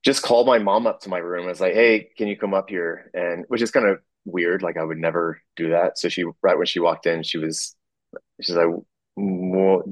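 A man telling a personal story in a halting way, full of fillers, restarts and small chuckles. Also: low-pitched, steady tone, no echo.

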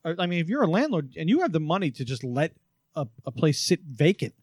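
A man co-hosting a casual talk radio show, chiming in with wry, quick interjections on a close studio mic. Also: fairly high pitch, sing-song, a little mellow, no echo. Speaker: radio co-host.

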